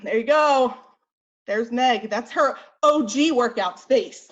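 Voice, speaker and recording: Woman, young adult, fitness coach, blunt, chatty, slightly breathless, lo-fi call sound. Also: fairly high pitch. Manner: blunt, chatty, quick with fillers. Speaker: fitness coach and team leader. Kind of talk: motivational team call.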